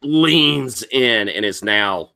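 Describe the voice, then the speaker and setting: A man's voice: mid-range voice, animated, very slow, gravelly, sharp tone. A man narrating a tabletop horror game as game master, describing the scene and improvising as he goes, with plenty of fillers.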